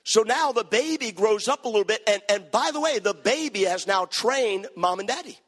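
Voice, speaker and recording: A man preaching a sermon as pastor, swinging from quiet asides to sung, shouted cadences. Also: high voice, lively intonation, normal speed. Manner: preaching with rising shouts and sing-song cadence. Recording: long hall reverb.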